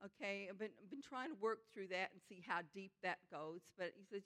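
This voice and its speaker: A woman preaching a sermon in an earnest, conversational way, slowing down to stress her key points. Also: medium pitch, a bit bright. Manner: conversational asides with frequent "you know".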